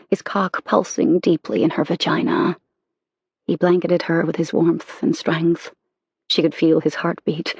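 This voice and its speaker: An audiobook narrator reading a romance novel in an intimate, measured way. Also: mid-range voice, creaky, darkish tone, husky, no echo.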